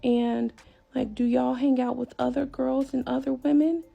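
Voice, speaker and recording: A woman voicing a nosy adult woman who pries with sweet-sounding questions, pitched higher than her own voice. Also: flat delivery, normal speed, vocal fry, warm tone, muffled recording, faint music behind, exaggerated voice. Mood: prying.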